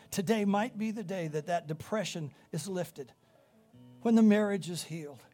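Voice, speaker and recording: A man's voice: sits high, a little mellow. A man preaching a sermon in a church and inviting people forward for prayer, quoting scripture with rising emphasis. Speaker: pastor. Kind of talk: sermon and altar call. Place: church sanctuary.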